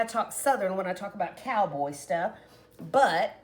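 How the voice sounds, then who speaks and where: A woman's voice: mid-range voice, expressive, normal speed. A woman hosting a casual home cooking video, chatty and folksy, talking straight to her viewers.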